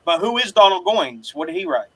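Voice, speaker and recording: A man co-hosting a podcast in casual chat, cutting in with quick questions. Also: high-pitched, big pitch swings, fairly bright tone, rough recording. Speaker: podcast co-host.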